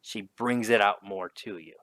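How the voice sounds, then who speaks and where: A man's voice: fairly low pitch, fairly even intonation, moderate pace, a bit bright, no room sound. A male teacher giving a casual spoken lesson, talking his students through questions in a conversational way.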